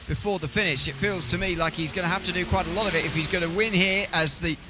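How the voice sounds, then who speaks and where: Male play-by-play caller, slightly high, dry wit, music bed behind. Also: quick pace. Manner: dry teasing, fluent play-by-play. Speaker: race commentator. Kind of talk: esports race commentary.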